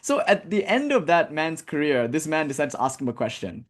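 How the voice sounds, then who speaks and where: A man's voice: a little high, big pitch swings, a little fast. A man giving a spiritual lesson, reading a text aloud and breaking off into casual, chatty commentary. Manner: casual, chatty asides, frequent "like". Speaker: spiritual teacher.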